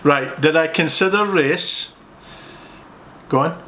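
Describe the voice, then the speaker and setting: A man's voice: on the high side, takes it slowly, bright, forceful tone, a little hiss or hum. An older man answering viewer questions at home in a jokey, rambling, self-deprecating way. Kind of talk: casual chat.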